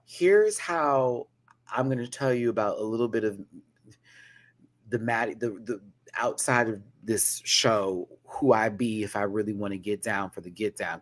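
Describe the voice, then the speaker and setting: A young man telling a vlog storytime, dramatic and full of slang, with bursts of high laughter. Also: a bit bright. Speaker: vlogger. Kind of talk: animated storytime rant.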